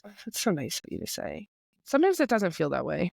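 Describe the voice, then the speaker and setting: A young woman in her twenties chats quickly about makeup and her day, her pitch jumping around animatedly as she rambles on with plenty of "like". The sound is close and dry, with no room around her. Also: vocal fry, dry recording. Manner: animated storyteller, rambling with lots of "like". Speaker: makeup creator guest. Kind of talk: casual chat.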